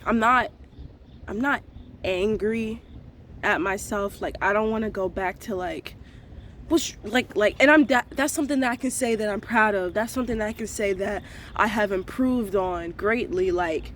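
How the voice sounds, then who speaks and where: A woman in her twenties vlogging a frank, profane morning rant to her viewers, full of slang and talking things through out loud. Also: medium pitch, normal speed, slight background noise. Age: 20s. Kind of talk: casual morning rant to camera.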